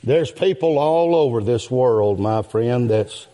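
A man preaching a sermon in a drawn-out cadence that rises into outbursts. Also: medium pitch, expressive, dark tone. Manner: calls out "my friend" and "yes, sir".

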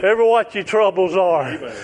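Man preaching, very high voice, fervent delivery with shouted peaks. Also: lively intonation, moderate pace. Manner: fervent, rising to shouts then dropping soft. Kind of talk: sermon.

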